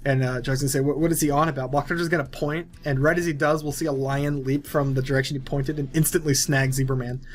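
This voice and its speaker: In a quick, nearly pause-free flow, a young man narrates the plot of a movie he wrote, his mid-range voice holding a level tone. The pitch is casual and rambling, with plenty of fillers, as befits a movie video creator.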